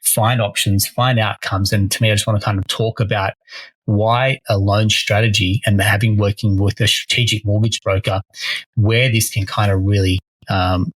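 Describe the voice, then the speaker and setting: Husky man, energetic broker talk. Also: fairly low pitch, moderate pace, no echo, rough recording. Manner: energetic, salesy, restarts phrases. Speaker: mortgage broker co-host. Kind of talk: casual podcast chat.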